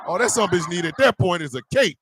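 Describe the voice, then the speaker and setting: A male host in a profane, loud comedic live-stream rant who laughs often. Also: high-pitched, animated, fast, background noise.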